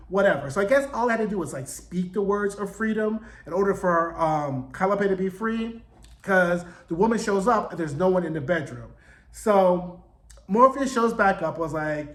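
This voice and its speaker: A man giving a casual, animated recap of a show, jumping into quick voices for the characters and swearing freely. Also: high voice, roomy sound, rough recording. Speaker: show reviewer.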